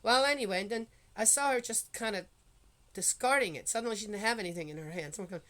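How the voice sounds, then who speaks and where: A woman talking at a middle pitch in a loose, rambling way, often stopping to check in with her listeners. She then reads scripture at a slow, steady pace. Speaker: Bible reading vlogger. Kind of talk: casual chat and Bible reading.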